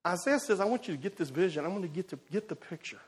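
A man preaching an expository sermon, animated and emphatic, swinging between loud bursts and quiet asides. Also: high-pitched, very fast, slightly rough.

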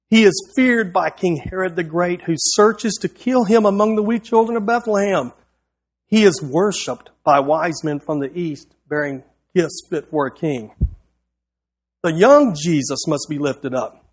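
A man preaching a sermon, reading a prepared text aloud in an earnest, rhythmic way with a repeated refrain. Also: high-pitched.

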